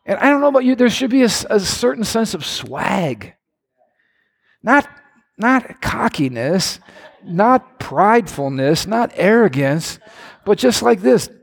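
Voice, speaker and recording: A man preaching a sermon in an animated way, his voice climbing to near-shouts. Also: high-pitched, unhurried, creaky, slightly rough. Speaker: pastor.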